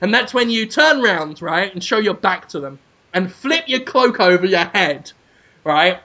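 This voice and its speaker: Brief: energetic podcast host, bright, gravelly tone, slightly muffled audio. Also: male voice, high voice, measured pace. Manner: energetic, crude, hums tunes. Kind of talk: comedic storytelling chat.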